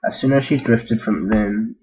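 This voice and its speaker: A man's voice: on the low side, moderate pace. A man reading fan fiction aloud in a casual way, with self-deprecating, joking asides. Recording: dull lo-fi recording.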